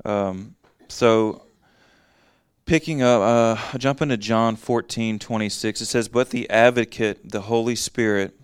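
A man's voice: fairly low pitch, steady tone, measured pace, clear, resonant tone, no echo, studio quality. A man giving a casual Bible teaching, reading verses aloud and then explaining them in plain, conversational talk.

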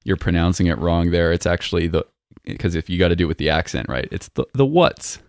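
A man's voice: sits low, level tone, quick pace, no echo, studio quality. A man co-hosting a podcast, joking dryly with many fillers. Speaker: podcast co-host. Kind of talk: casual chat.

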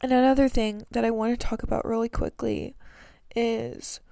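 A woman's voice: fairly high pitch, fairly even intonation, normal speed, creaky, dark tone, clear, resonant tone, no echo. A young woman hosting her own podcast, talking casually and earnestly about faith and a coming business launch, rambling with many fillers and restarts. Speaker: podcast host.

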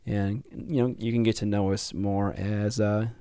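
Gravelly, dry-voiced podcast co-host. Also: male voice, on the low side, fairly even intonation, moderate pace, mellow, no echo. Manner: joking, laughs often, occasional stumbles on words. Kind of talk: casual podcast chat.

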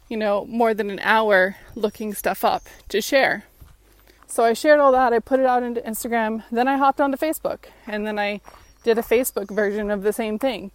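A woman's voice: mid-range voice, dry recording. Woman rambling at the camera, kinda out of breath, super dry close sound. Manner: rambling, self-correcting, frank. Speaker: vlogger. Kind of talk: casual chat.

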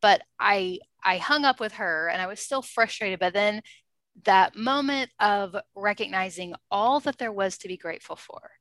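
Woman, bright clear voice, dry close sound, casual storytelling guest, chatty and laughing. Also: medium pitch, normal speed, no echo. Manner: chatty, animated, laughs often. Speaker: interview guest.

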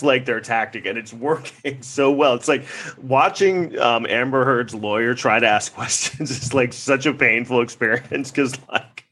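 A man's voice: medium pitch, fairly bright tone. A male vlogger in casual commentary, rambling, swearing freely and breaking into laughter often.

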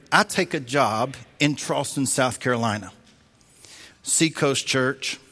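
A man preaching a sermon as a pastor, telling a story in an animated way and acting out the voices he quotes. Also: on the high side. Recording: long reverb of a large hall.

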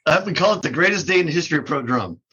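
Older man, high bright animated storyteller. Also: rapid-fire, slightly rough. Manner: animated, laughing, swearing, with many restarts. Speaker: guest, drum shop co-owner. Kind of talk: casual storytelling. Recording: dull lo-fi audio.

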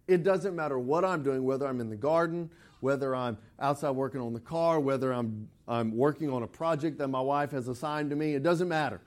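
A man's voice: on the high side, a little mellow. A middle-aged man preaching a sermon, conversational and rising to emphatic quotes of scripture. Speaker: pastor.

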